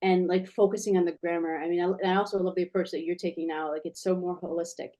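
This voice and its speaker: A woman's voice: fairly low pitch, little pitch movement, fast, mellow. Enthusiastic woman teacher in her forties. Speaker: guest, children's language teacher. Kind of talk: casual video interview.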